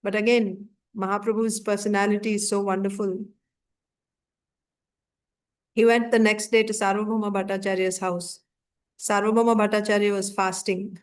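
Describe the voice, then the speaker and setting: In her mid-range voice, this woman retells a scripture story for her class, keeping it conversational, full of fillers, and peppered with lively quoted asides.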